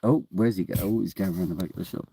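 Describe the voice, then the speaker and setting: A man's voice: sits low, very fast, vocal fry, warm tone, breathy edge. A man chatting casually to his phone camera from inside a parked car at night, in a wry, mumbling way. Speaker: vlogger.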